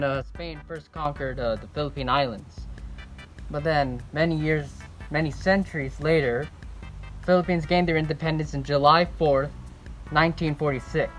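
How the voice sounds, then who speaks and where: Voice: mid-range voice, poor audio. Young student presenting with hesitant fillers. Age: young adult. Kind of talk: class presentation. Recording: faint music behind.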